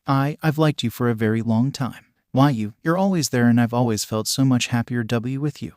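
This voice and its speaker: A man's voice: medium pitch, a little mellow, no room sound, clean studio sound, close to an everyday voice. A man voicing a shy, tearful teenage boy who stammers through his words. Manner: halting, stammering.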